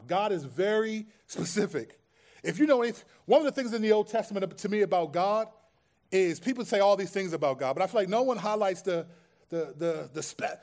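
A man's voice: a little high, darkish tone. A man preaching a sermon as pastor, in a conversational way that acts out everyday scenes and quoted voices.

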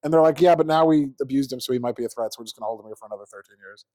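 A man's voice: medium pitch, rapid-fire, warm tone, no echo. Sardonic man hosting a political podcast. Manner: sardonic, reads articles aloud with mocking asides. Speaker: podcast host. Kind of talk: casual political chat.

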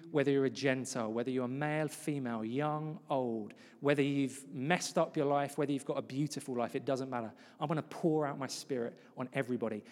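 A man giving a conversational sermon as a preacher, acting out the voices he quotes. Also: medium pitch. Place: church hall. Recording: long church reverb.

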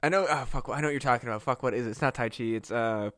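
A man's voice: medium pitch, racing, a bit bright. A man co-hosting a casual comedy podcast, rambling and swearing with lots of filler words. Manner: rambling, profane, heavy use of "like". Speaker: podcast co-host.

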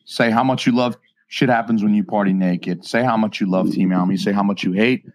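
A man's voice: on the low side, fairly even intonation, brisk, slight background noise. A man in his thirties hosting a podcast livestream, rambling through crude jokes with lots of restarts. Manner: rambling, joking, with many restarts. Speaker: podcast host. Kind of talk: crude comedic banter on a livestream.

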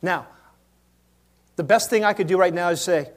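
A man preaching a sermon in a church, moving between quiet asides and loud acted-out quotes. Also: high-pitched, moderate pace, long pauses, slight background noise. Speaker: pastor.

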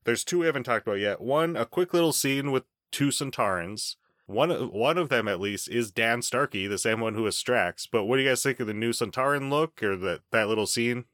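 A man hosting a casual podcast chat, animated, laughing often and swearing offhandedly. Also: mid-range voice, brisk, no echo, clean studio sound. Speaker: podcast host.

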